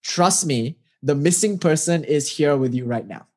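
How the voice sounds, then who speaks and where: A speaker voicing a calm, kindly guru. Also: medium pitch, normal speed, natural voice. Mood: reassuring. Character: calm compassionate stranger, a wise guru.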